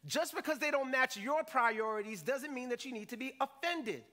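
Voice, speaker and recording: A male pastor preaching a sermon in church, animated and jokey, acting out quotes in funny voices. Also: very high-pitched, normal speed. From Jamaican family roots. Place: church stage.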